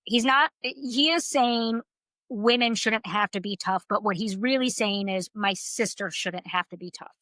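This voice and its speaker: Bright, lively woman telling a story. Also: mid-range voice, unhurried, no room sound, rough recording. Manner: animated storyteller, swears freely. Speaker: podcast co-host. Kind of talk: casual chat about a book.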